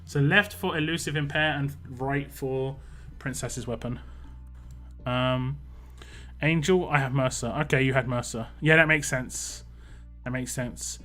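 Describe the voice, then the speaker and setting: A young man live-streaming a mobile game, chatting casually, greeting viewers by name and getting excitable over lucky rolls. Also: mid-range voice, measured pace, soft background music. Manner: excitable when hoping for lucky results. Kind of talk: live-stream gameplay chat.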